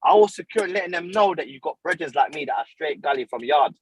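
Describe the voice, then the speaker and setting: A man from boasting loudly in casual podcast banter, full of slang. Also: fairly high pitch, animated, fast talker, husky, rough recording. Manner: brash and boastful, mixes in slang.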